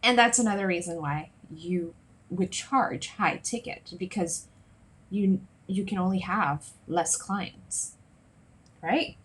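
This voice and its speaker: A woman coach talking to her viewers on a live stream, chatty and lively, often checking in with "right?" and "okay?". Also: fairly low pitch, slow. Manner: lively, acts out little scenes in other voices. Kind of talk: solo Facebook Live talk to viewers.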